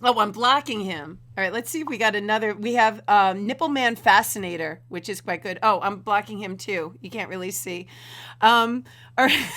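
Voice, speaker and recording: Streaming casually from home, a woman with a medium-pitched, bright and forceful voice talks at a normal speed. She's chatty and giggly as a livestream host, all while struggling with her setup.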